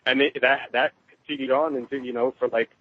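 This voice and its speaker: A man telling a personal story in casual conversation, animated and laughing often. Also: a little fast, slight background noise. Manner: animated, quotes others in raised pitch, laughs often. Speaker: guest. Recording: tinny phone line.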